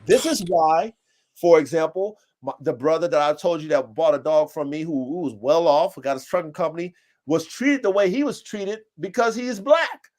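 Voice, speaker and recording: A man in his thirties hosting a casual podcast chat, animated and slangy, with blunt profanity and acted-out customer quotes. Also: high-pitched. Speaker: podcast host. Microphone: live-stream call setup.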